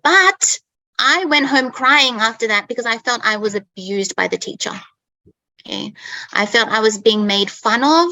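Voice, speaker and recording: A woman's voice: fairly high pitch, expressive, moderate pace, sharp tone, no echo, rough recording. A woman with an Australian accent chatting casually over a video call, peppering her talk with "okay" and "like". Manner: chatty, fills speech with "okay" and "like". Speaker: guest speaker for English learners. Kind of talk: casual chat, storytelling.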